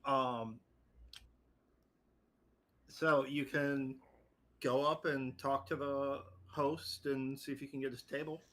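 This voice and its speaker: A man's voice: medium pitch, level tone, slow pace, long pauses, fairly bright tone. A man narrating as game master in a casual tabletop game, swearing freely.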